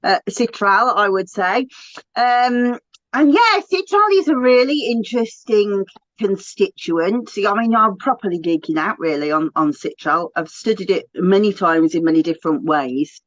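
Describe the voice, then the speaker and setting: A woman co-hosting an aromatherapy talk, chatting with animated enthusiasm in a casual educational way. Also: mid-range voice, normal speed, no room sound. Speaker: aromatherapy co-host. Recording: dull dry lo-fi recording.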